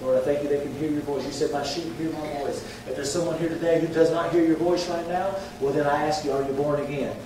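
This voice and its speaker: Pastor, fervent preaching that drops to quiet prayer, big reverberant church, faint hum behind. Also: male voice, on the high side, fairly even intonation, fast, few pauses. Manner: impassioned preaching, swinging from loud to hushed. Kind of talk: sermon with altar call and prayer. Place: large church sanctuary. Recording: very echoey hall, mic distant.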